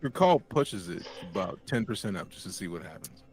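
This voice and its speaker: A man's voice: low-pitched, big pitch swings, brisk, a little mellow. A man playing a tabletop game, joking around in casual chat. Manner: playful, joking. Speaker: player.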